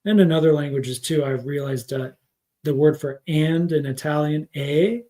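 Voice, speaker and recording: A man's voice: a little high, steady tone, normal speed, dark tone. A man teaching scripture in a casual livestream lesson, rambling and thinking aloud with many fillers. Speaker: spiritual teacher.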